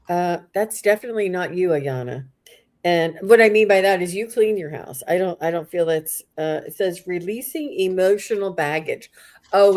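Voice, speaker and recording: A chatty woman with a fairly low voice hosts a casual livestream card reading. She gushes over each card and trips over viewers' names as she goes. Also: darkish tone. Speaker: host, psychic card reader.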